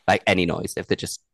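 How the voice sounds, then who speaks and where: A man's voice: sits low, gravelly, fairly bright tone, dry recording. A man co-hosting a podcast, telling stories in casual chat and laughing often. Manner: chatty storytelling, laughs often. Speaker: podcast co-host.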